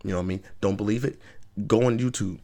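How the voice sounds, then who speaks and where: A man's voice: on the low side, fast, warm tone. A man hosting his own vlog, giving casual opinion commentary in an emphatic, rambling way with frequent rhetorical check-ins. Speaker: vlog host.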